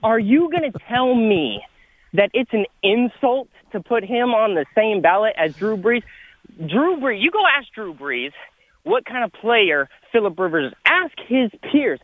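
Breathless high-voiced man calling in by phone. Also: dry recording. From California. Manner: animated, argumentative, rapid points. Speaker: caller. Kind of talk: sports radio call-in. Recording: tinny phone line.

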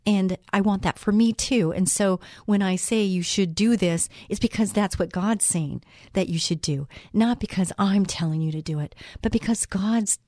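A woman's voice: mid-range voice, normal speed, hardly any pauses, dark tone, no room sound, clean studio sound. A middle-aged woman hosting a faith-based talk radio show, speaking earnestly and putting direct questions to her listeners.

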